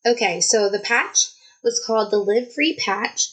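A woman, telling a personal story in a casual, animated vlog style. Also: a little high, measured pace, rough recording. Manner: chatty, animated, many "like"s. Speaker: vlogger.

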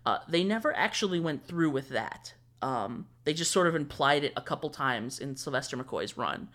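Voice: mid-range voice, animated, moderate pace, a bit bright. Young podcast guest explaining views. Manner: thoughtful, explanatory, with frequent fillers. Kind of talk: casual fan discussion.

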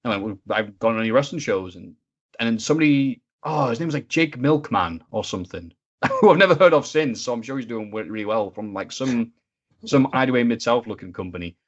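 A man telling stories as a podcast guest, animated and swearing freely, acting out other people's voices, and sounding a bit under the weather. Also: mid-range voice, fast talker, highs cut off. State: sick, stuffy. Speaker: interview guest, video maker. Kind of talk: casual podcast storytelling.

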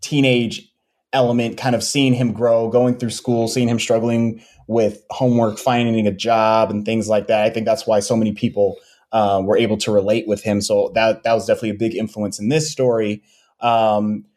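A man, a comics creator being interviewed, talking casually about his books with many pauses and restarts. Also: lowish voice. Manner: relaxed, many ums and restarts.

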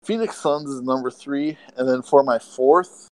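A young man with a mid-pitched voice co-hosts a casual podcast, recorded close and dry. He speaks in a steady, measured way. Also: no echo, low-quality recording. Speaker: podcast co-host.

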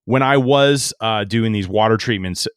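This middle-aged podcast guest has a smooth, lowish voice and talks at a normal speed, captured in a dry, studio-quality recording. Telling a casual sales anecdote, he's animated, laughs a lot, and quotes his own words.

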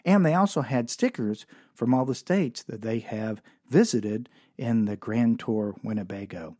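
A man's voice: medium pitch, unhurried, mellow, dry recording, clean studio sound. A man telling a rambling, exasperated comic story about a family trip.

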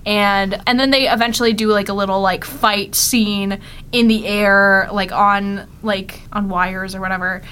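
A woman's voice: medium pitch, fairly even intonation, a little slow, bright, forceful tone, slight background noise. A young woman co-hosting a podcast, casually retelling episode plots with frequent giggles and filler words. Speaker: podcast co-host. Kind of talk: casual chat recapping episodes.

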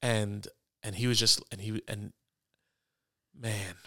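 A man's voice: fairly low pitch, fairly even intonation, slow, sharp tone, no room sound, clean studio sound. A man in a casual faith conversation, telling a story earnestly and stammering over frequent restarts.

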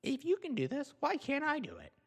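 A man mocking a shrill whiny woman protester. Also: wildly swooping pitch, a little fast, vocal fry, heavily acted. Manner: mocking high squeal. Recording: long reverb.

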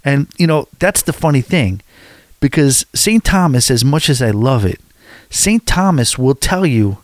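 A man's voice: mid-range voice, lively intonation, unhurried, dry recording, clean studio sound. A man from the United States telling a travel story to his viewers in a casual, rambling, candid way.

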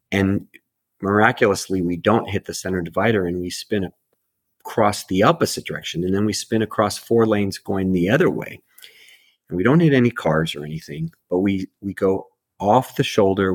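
A man with a low, slightly husky voice recounts a story from his past, earnest and halting, circling back to restart his sentences. He sounds close and dry, with no room around him. He is a middle-aged podcast guest. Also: no room sound. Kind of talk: personal storytelling.

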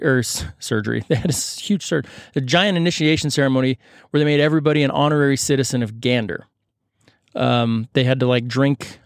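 A man's voice: medium pitch, gravelly, no echo, studio quality. A man telling a story in a casual, joking way, rambling with lots of fillers and self-corrections.

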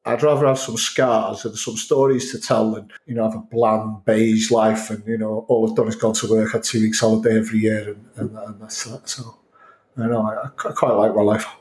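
A man's voice: lowish voice, little pitch movement, normal speed, a little mellow, echoey room. A middle-aged man from North Wales with a North Welsh accent touched by Scouse and Manchester, talking reflectively in a casual conversation and often restarting his sentences. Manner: reflective, rambling with many restarts. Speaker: interview guest.

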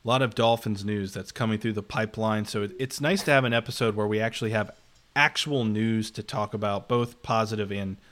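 Congested and nasal from being sick, a man co-hosts a laid-back sports podcast, sounding upbeat while promoting upcoming episodes. His voice is fairly low and fairly bright, and he talks a little fast.

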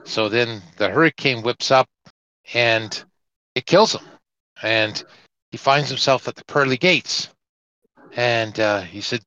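Bright-voiced podcast co-host, lo-fi. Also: male voice, medium pitch, no echo. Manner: chatty storyteller, halting restarts. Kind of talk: casual chat. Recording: dull, lo-fi, dry podcast audio.

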